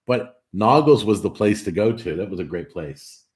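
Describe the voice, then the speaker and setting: A man hosting a casual live stream, reading out viewer comments and answering them in an animated, talkative way. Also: on the low side, normal speed. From California. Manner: talkative and animated, with frequent restarts. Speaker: host of a cooking live stream.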